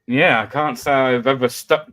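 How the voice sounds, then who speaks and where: This British man, host of a live voice-chat panel, chats loosely and tells stories at his own expense over an online voice chat. His medium-pitched voice has fairly even intonation, a moderate pace, and a fairly bright tone in a dry recording.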